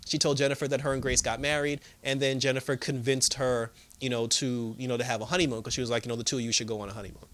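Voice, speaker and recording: A man casually recapping a TV episode, animated, with lots of fillers and frequent laughter. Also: medium pitch. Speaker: show reviewer.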